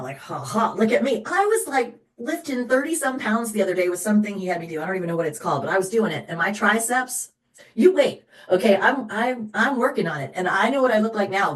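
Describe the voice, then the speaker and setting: A woman sales director talks her team through a motivational call in a chatty, upbeat, coaching way. Her voice sits at a middle pitch. The recording carries a roomy echo.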